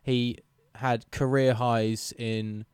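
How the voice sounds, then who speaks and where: A man co-hosting a sports podcast, opinionated and quick to joke as he backs his picks with stats. His voice is smooth and resonant, recorded close and dry. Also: mid-range voice, flat delivery, darkish tone, no room sound. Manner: opinionated, jokey, argues with stats. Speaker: podcast co-host. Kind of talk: casual sports chat.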